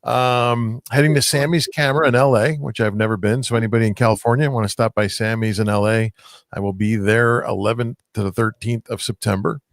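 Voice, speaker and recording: Man, american, gravelly low voice, dry close sound, relaxed. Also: brisk, dry recording. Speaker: panelist. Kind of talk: casual panel chat.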